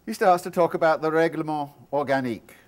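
A man's voice: fairly high pitch, quick pace. A male professor giving a university lecture, explaining ideas in a thoughtful, step-by-step way, with asides and restarts. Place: lecture room.

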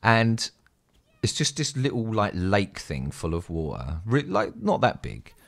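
An English man telling a rambling, sweary story in a casual, animated way as a streamer. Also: fairly low pitch, unhurried, creaky. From England.

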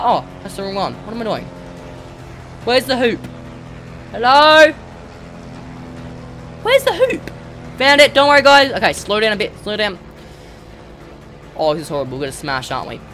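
A gamer giving excitable let's play commentary, yelling and cheering often while flying. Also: mid-range voice.

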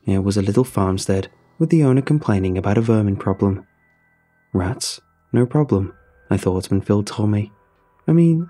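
A man narrating a horror story in a dramatic, lively storytelling manner. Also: medium pitch, husky.

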